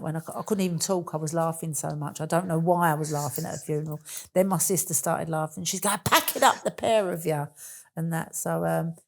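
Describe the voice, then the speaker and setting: A woman's voice: low-pitched, vocal fry, darkish tone. A woman, chatting as an interview guest and telling rambling stories with easy laughs. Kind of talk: casual storytelling chat.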